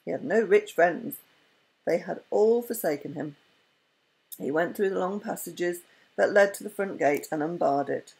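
A woman narrating a storybook tale in a gentle, unhurried reading. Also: lowish voice, gravelly, slightly rough, low-quality recording.

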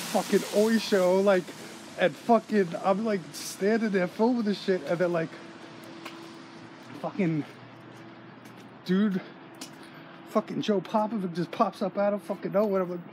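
A man telling a rambling, swear-filled story in a casual vlog, excited and in disbelief, filmed on a handheld phone out on a street. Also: sits high. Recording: noisy street background.

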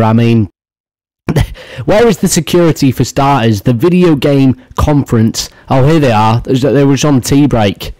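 Young male commentator, profane mocking rants, mellow dark voice, dry close sound. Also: medium pitch, moderate pace, no echo. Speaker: commentary YouTuber.

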